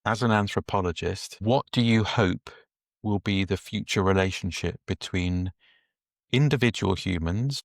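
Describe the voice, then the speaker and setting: A man hosting an interview, asking measured, thoughtful questions. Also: low voice, vocal fry, no echo, clean studio sound. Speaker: podcast host.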